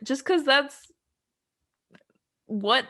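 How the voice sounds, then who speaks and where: A woman's voice: sits high, animated, drawn-out words, a bit bright. A young adult woman co-hosting a podcast, casually recapping a film plot in a rambling way, with lots of ums and frequent giggles. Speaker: podcast co-host. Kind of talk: casual chat.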